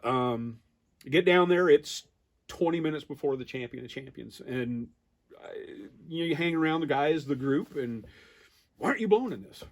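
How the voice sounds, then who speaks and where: Man, 50s, American accent, interview guest, casual storytelling, animated, acts out quotes. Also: medium pitch, moderate pace. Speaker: duck calling champion guest.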